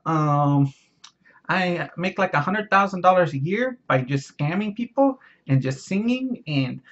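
Man doing a high, whiny send-up of a greedy preacher; husky, lo-fi. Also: animated, unhurried, a bit bright, full character voice. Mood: mocking. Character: mocking caricature of a greedy male preacher.

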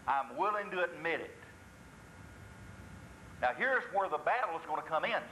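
High, bright-voiced man preaching. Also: expressive, normal speed, slight background noise, low-quality recording. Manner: preaching with rhetorical questions and acted-out confessions. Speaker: pastor. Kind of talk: sermon. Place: church.

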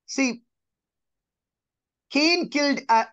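A man giving a conversational Bible teaching, emphatic, repeating key phrases and dropping to a soft, low voice. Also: extremely slow, dry recording, muffled recording. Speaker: preacher.

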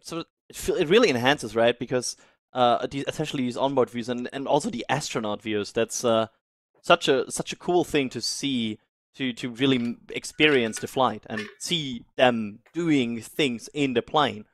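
A man's voice: mid-range voice, moderate pace, no echo. Hesitant, teasing man on a dry call. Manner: hesitant, teasing, stumbles over words. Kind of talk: casual live-stream chat.

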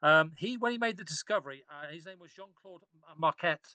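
A man's voice: on the high side, expressive, brisk, pushed and bright, no room sound. A man, an archaeologist guest on a podcast, talking enthusiastically and rambling with frequent restarts. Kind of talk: casual podcast discussion.

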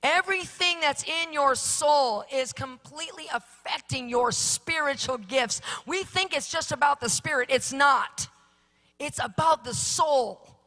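A woman's voice: sits high, measured pace, pushed and bright. A woman preaching a sermon with an emphatic, repetitive cadence.

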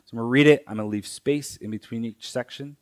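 A man giving a sermon in a church, his voice sitting in a middle register. He teaches slowly and deliberately, pausing often and circling back to repeat key phrases. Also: mid-range voice. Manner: slow, deliberate teaching with pauses and repetitions. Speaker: preacher.

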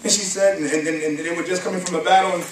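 Fast, high-voiced man lecturing in a mosque. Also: steady tone. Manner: quotes Arabic verses and asks rhetorical questions like "huh?" and "what?". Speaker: Islamic lecturer. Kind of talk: religious lecture. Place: mosque hall. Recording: echoey hall, mic at a distance, faint hiss.

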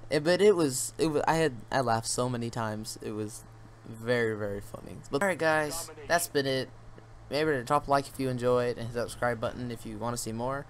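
A man's voice: mid-range voice, a little fast. Rambling teen guy telling a story. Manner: rambling, amused, full of fillers. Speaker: gaming channel vlogger. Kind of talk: storytime rant over gameplay.

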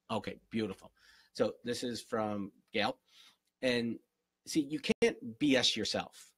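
A man's voice: medium pitch, slow pace, a bit bright, husky, no echo. A man, a relationship coach, answers viewers' questions in an earnest, encouraging live-stream Q&A and repeats his key phrases. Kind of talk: live-stream Q&A, motivational advice.

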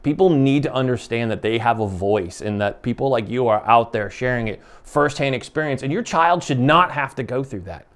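Hosting a conversational interview, this American man in his forties is emphatic and passionate, repeatedly restarting sentences. His mid-range voice is expressive and slightly bright, moving at a moderate pace with few pauses.

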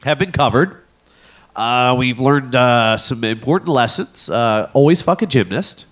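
A man co-hosting a comedy podcast, joking crudely, laughing loudly and feigning outrage in casual banter. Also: mid-range voice, expressive, measured pace. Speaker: podcast co-host.

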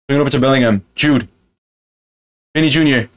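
A man commentating on his own football game matches, excitable and yelling at the screen. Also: medium pitch, fairly quick. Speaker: gaming channel host. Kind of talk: gaming commentary.

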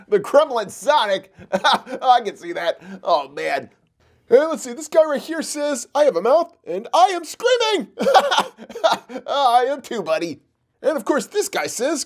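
Someone doing a squeaky giggly puppet guy hosting a toy review show, voice bouncing all over, laughing nonstop. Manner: constant giggling, exclaims "oh, man". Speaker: host.

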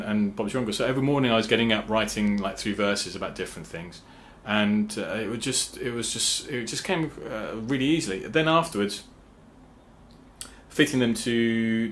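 A man with a fairly low voice talks casually to his viewers, halting often with fillers and restarts. He sometimes hums rhythm syllables to make a point, and faint background noise sits under his voice. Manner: sings rhythm syllables to explain meter. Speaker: songwriter and channel host. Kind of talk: casual talk to camera.

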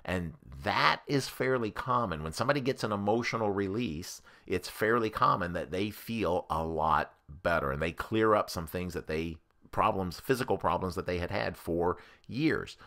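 A man's voice: fairly low pitch, normal speed. A man, a therapist, giving a conversational educational talk that compares treatment methods. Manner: animated, conversational explainer.

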